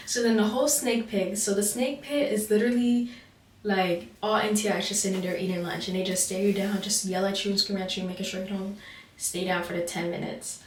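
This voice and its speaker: Young woman storyteller, overbite, through-the-teeth talk, lots of "like", mid pitch, echoey and distant. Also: fairly even intonation, a little hiss or hum. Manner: fast, chatty, full of "like". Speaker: vlogger telling a story. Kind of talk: casual storytime. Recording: roomy, distant mic.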